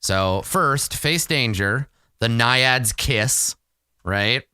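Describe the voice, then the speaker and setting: Unhurried man narrating a solo tabletop game. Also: mid-range voice, clean tone, no echo, studio quality. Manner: relaxed, rambling, self-amused.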